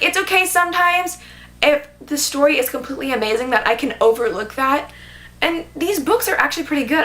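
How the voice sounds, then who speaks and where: A teenage girl chatting casually about books in a vlog, animated and gushing, with lots of filler words. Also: high-pitched. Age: teens. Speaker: booktube vlogger.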